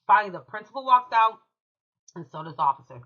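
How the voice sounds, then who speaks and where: A woman's voice: medium pitch, animated, quick pace, phone-quality sound. A woman from California, a channel host telling a heated personal story in an emphatic, profane way. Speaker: true crime commentary channel host.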